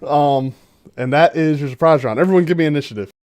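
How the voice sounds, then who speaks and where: A man's voice: a little high, fast, darkish tone. A man running a tabletop fantasy game on a livestream, narrating scenes playfully and laughing with his players. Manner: playful descriptive storytelling, breaks into laughter. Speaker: game master.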